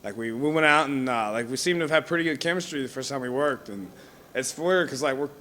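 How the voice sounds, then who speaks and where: This young wrestler talks fast in a sharp, medium-pitched voice during a relaxed interview. His stories ramble, packed with fillers like "you know what I mean," and he keeps laughing as he tells them.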